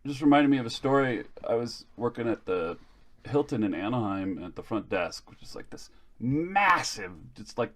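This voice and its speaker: Man, podcast panelist, chatty anecdote, animated pitch. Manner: lively, chatty anecdote teller. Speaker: podcast co-host. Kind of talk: casual storytelling chat.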